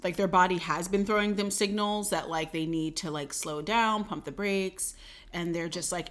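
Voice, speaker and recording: A woman interviewing a guest in a casual chat, asking friendly questions with animated asides and laughs. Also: lowish voice, normal speed.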